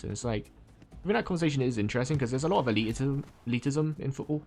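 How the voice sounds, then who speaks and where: A man's voice: mid-range voice, animated, racing, a little mellow, soft background music. A man from Ireland streaming a game, chatting casually and a bit groggily, rambling with fillers and restarts. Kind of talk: casual chat while playing a game.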